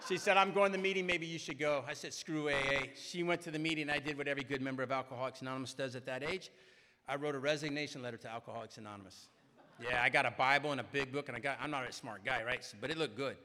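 Bright-voiced man telling his story in a hall. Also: medium pitch. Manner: rambling and self-mocking, keeps asking "right?". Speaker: speaker at a recovery meeting. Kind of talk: humorous personal storytelling to a crowd. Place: large meeting hall. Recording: reverberant hall.

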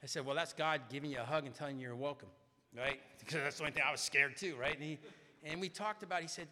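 A man speaking at a recovery meeting, telling a personal story in an animated way and often tagging his sentences with "right?". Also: a little high, quick pace. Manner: animated, keeps asking "right?". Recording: echoey hall reverb.

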